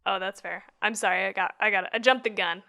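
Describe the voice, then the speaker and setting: Bright-voiced chatty woman podcast host. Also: mid-range voice, fairly even intonation, a little fast, vocal fry. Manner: chatty, laughs often, stumbles over names. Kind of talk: casual chat.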